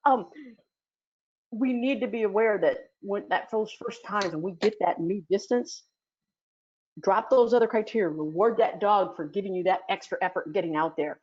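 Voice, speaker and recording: This muffled recording captures a woman of medium pitch and moderate pace with a darkish tone. She's a dog sport instructor teaching casually in an audio chat room, chatty and full of fillers and restarts.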